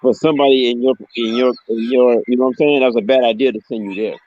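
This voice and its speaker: A man's voice: mid-range voice, fairly even intonation, quick pace, dull audio. A man in casual chat, laid-back, chiming in with short replies and laughs.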